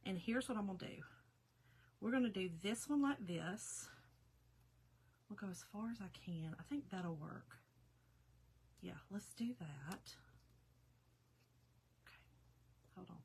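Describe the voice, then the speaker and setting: Husky woman chatting while crafting. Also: mid-range voice, lively intonation, a little slow, pauses often, darkish tone. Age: 50s. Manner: chatty, talks to viewers by name, laughs often. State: slightly hoarse, recovering. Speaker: craft live-streamer. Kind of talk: casual live-stream chat while crafting.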